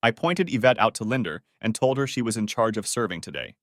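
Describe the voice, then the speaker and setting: A man reads a scripted story aloud with expressive narration. His voice sits low yet moves with a lively, wide pitch. The recording is dry and close. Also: quick pace, no echo.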